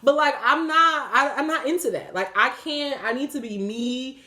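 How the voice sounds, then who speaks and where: Speaking at a moderate pace in a voice that sits high, a woman in her thirties gives a candid spiritual talk to camera, with a little hiss or hum. She swears, laughs and stays animated, addressing viewers directly.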